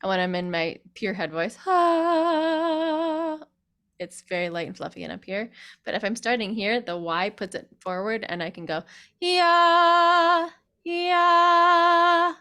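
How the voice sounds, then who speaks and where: Lady vocal coach, lowish voice, chatty, sings little demos mid-sentence. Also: steady tone, brisk, a bit bright. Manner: chatty, demonstrates sung vowels. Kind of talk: online group singing lesson.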